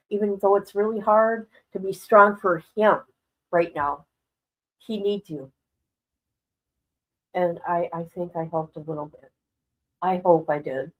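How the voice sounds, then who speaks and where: A woman's voice: medium pitch, low-quality recording. A middle-aged woman chatting casually on a live stream as a commentator, rambling and emotional, often breaking into exclamations.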